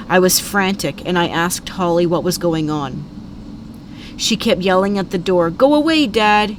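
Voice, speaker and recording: Low-voiced woman narrating scary stories. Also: noisy background. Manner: calm storytelling.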